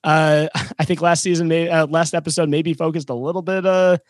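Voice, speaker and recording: A man's voice: on the high side, level tone, brisk, dry recording, studio quality. A man co-hosting a podcast, talking casually with many fillers and restarts while running a trivia game. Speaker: co-host running a trivia segment.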